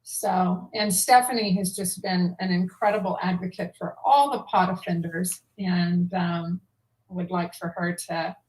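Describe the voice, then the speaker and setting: A woman's voice: on the low side, fairly even intonation, measured pace, a little mellow, low-quality recording. A woman guest in a casual interview, speaking earnestly as an advocate with some fillers.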